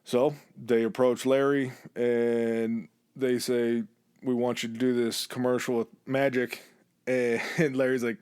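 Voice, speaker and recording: A man hosts a podcast and tells a story in a relaxed, chatty way. He drops into quick impressions when he quotes people. The sound is close and dry, with no room echo. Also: smooth. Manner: relaxed storyteller, acts out quoted lines with shifts in pitch. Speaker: podcast host. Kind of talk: casual storytelling chat.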